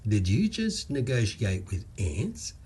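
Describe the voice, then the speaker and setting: A man voicing a blunt, excitable boss of a lawn business, speaking in a brisk, clipped way. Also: lowish voice, breathy edge, exaggerated voice.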